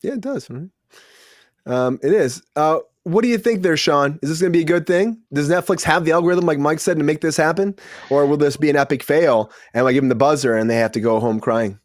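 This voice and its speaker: A man's voice: fairly high pitch, a little fast, no room sound, clean studio sound. A man hosting a casual comedy news chat on a video call, upbeat and hyping the others up. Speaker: host.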